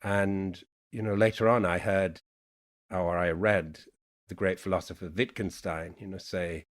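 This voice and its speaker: Lyrical poet with a Yorkshire-Irish-American accent. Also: male voice, low voice, steady tone. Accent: mixed Yorkshire, Irish and American. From England, Yorkshire. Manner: lyrical, unhurried, thoughtful. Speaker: guest poet. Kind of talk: reflective conversation.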